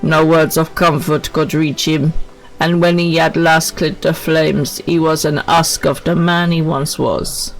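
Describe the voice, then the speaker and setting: A woman voicing a stern male military captain from a game, reading his lines slowly in a put-on Jamaican accent. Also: low voice, flat delivery, poor audio. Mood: grave. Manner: slow, deliberate reading of game dialogue. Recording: faint game music behind.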